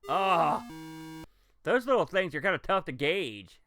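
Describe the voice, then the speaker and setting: A man commentating live as he plays old video games, talking to his chat and reacting loudly to what happens on screen. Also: on the high side, measured pace. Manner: excitable, reacts loudly to gameplay and talks to chat. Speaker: game streamer. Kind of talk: live game-stream commentary.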